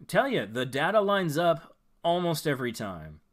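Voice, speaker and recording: A male streamer, voice slightly high with big pitch swings, speaks at a moderate pace as he casually reviews viewers' channels. He thinks out loud, wanders with fillers and restarts, and offers friendly guidance.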